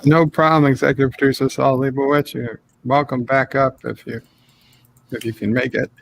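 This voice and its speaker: A man's voice: mid-range voice, level tone, moderate pace, vocal fry, a little hiss or hum. A male host in a casual group chat, helpfully clarifying what others mean.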